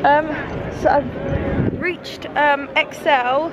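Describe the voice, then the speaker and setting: Excitable young woman vlogging in a crowd. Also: high voice, extremely slow, lo-fi sound. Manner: chatty and excitable, gushing. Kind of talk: casual vlog chat. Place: busy convention hall and city streets. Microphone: handheld camera. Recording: loud crowd and street noise.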